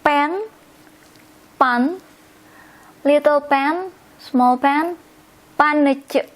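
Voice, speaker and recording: Slow, high-voiced woman teaching vocabulary. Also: rough recording. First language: Indonesian. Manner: repeats words slowly, spells endings out. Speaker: language teacher. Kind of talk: slow instructional explanation.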